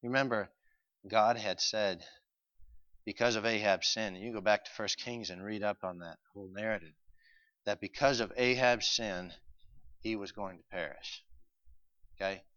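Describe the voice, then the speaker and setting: A male preacher reading scripture aloud and explaining it, swinging from quiet explanation to loud, urgent pleading. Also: fairly low pitch, steady tone, normal speed, long pauses, no room sound, muffled recording. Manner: reads old-fashioned scripture aloud with emphasis. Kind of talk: sermon reading and expounding scripture.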